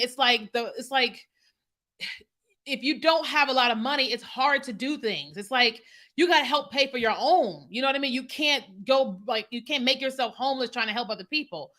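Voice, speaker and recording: A bright-voiced woman in her thirties talks to her livestream viewers as a business coach. Her pitch sits a little high, and she keeps checking in with "you know what I mean?" The delivery is loose and conversational, spoken into a computer mic. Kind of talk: casual livestream chat with viewers. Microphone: computer mic on a streaming setup.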